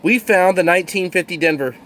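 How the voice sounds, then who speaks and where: A man's voice: high-pitched, a little fast, fairly bright tone, a little hiss or hum. Thrilled man narrating coin finds. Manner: thrilled, exclamatory, addresses viewers as y'all. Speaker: coin roll hunter. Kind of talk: excited hobby video narration.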